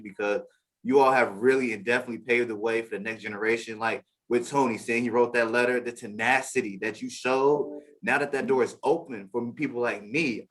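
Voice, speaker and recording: A man's voice: medium pitch, a bit bright. A man on a real estate panel, speaking earnestly and humbly to his peers. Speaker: realtor panelist. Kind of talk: panel discussion.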